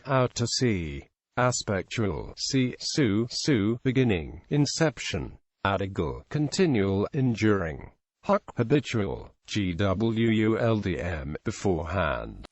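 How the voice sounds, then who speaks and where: A man reads an encyclopedia article aloud at an unhurried pace, his pitch rising and falling a good deal. He spells out words letter by letter in an even, read-aloud manner. The sound is dry, with no room around it. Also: no echo. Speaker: narrator.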